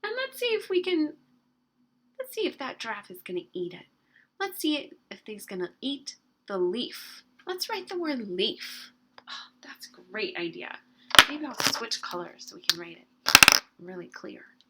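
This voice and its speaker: Woman teacher, slightly high voice, unhurried, sounds out words slowly for young kids. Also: very animated, slightly rough. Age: adult. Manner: slow, stretched-out sounding of words, gentle coaxing questions. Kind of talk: early-grade writing lesson, modeling spelling.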